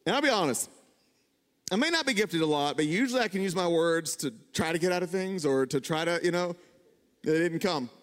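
A young adult man preaching a sermon in a church, telling funny stories about himself with lively swings in his voice. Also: a little fast. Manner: animated, self-deprecating, jumps in pitch when excited. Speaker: pastor. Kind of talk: sermon with storytelling. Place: church sanctuary. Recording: long hall reverb.

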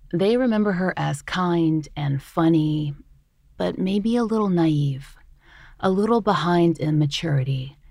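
A woman host reading scripted true-crime narration in a measured, even way. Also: lowish voice, gravelly, dry recording, studio quality.

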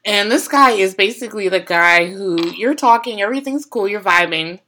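A woman co-hosting a casual chat podcast, talking about dating and often pausing to find her words. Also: mid-range voice, sharp tone, a little hiss or hum. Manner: hesitant, searching for words. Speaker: podcast co-host.

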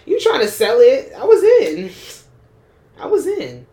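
A woman co-hosting a podcast, chatting casually in a blunt, animated way and laughing often. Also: sits high, unhurried, echoey room. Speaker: podcast co-host. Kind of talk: casual chat.

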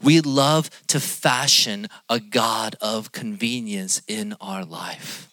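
Bright, punchy young male preacher. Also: fairly low pitch, slow pace, no room sound. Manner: dynamic preaching, swinging between loud emphasis and quiet asides. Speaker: pastor. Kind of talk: sermon.

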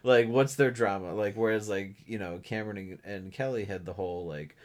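A man in casual podcast chat, animated, laughing often and mimicking people in a lower voice. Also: fairly quick, crowd noise. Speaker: podcast co-host. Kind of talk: casual chat recapping a reality show.

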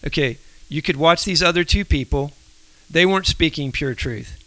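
A man's voice: fairly high pitch, moderate pace, pushed and bright, dry recording, poor audio. A man co-hosting a casual faith discussion, thinking aloud and explaining his points with everyday examples. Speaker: podcast co-host.

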